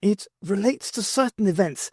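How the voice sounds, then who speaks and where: A man voicing a calm, courteous male doctor speaking with diplomatic care, in a novel reading. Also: high voice, normal speed, no room sound, clean studio sound, voice pushed up.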